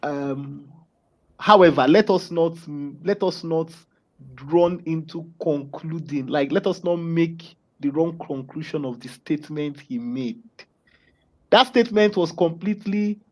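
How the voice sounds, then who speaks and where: A man's voice: a little high, a little slow, darkish tone, low-quality recording. A man giving political commentary as a panel guest, hesitant and groping for words.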